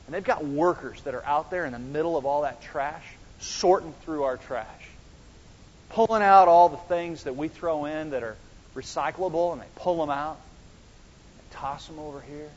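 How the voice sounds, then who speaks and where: A man with a high voice preaches an animated sermon as pastor, dropping low and then rising loud as he acts out the story. The sound is dull and lo-fi, and a long echo trails his words through the church sanctuary. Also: moderate pace, husky. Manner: animated, acts out dialogue with big swings in loudness.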